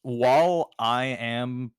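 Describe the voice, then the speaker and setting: A man's voice: mid-range voice, drawn-out words, clean tone, dry recording, clean studio sound. A man co-hosting a livestream, talking politics in a rambling, emphatic way with many restarts. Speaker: streamer co-host. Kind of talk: casual political chat.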